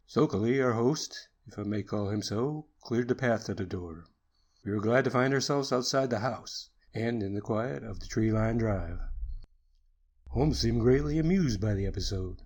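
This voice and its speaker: A man narrating a classic detective story as a measured, unhurried audiobook reading for sleep. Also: on the low side, slightly rough.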